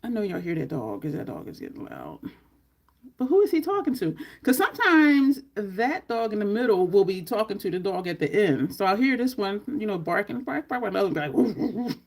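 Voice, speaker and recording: A woman's voice: medium pitch, sing-song, a little fast. A woman chatting casually through a makeup tutorial at home, rambling into side stories as she goes. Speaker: makeup vlogger.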